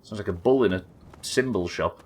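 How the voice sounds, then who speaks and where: A man's voice: lowish voice, moderate pace, a little hiss or hum. A man streaming a game live, chatting with viewers in a wry, sweary, bantering way. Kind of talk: live gameplay commentary.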